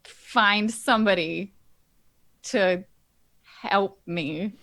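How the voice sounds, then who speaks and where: A woman's voice: mid-range voice, extremely slow, a bit bright, dry recording, clean studio sound. A woman playing a tabletop game, describing her character's actions in a chatty, thinking-aloud way. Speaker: player. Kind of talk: tabletop role-play, casual chat.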